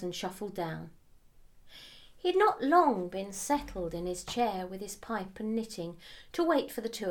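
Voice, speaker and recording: A woman reading a story aloud at a measured pace, often dropping to a hushed near-whisper. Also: mid-range voice. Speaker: narrator.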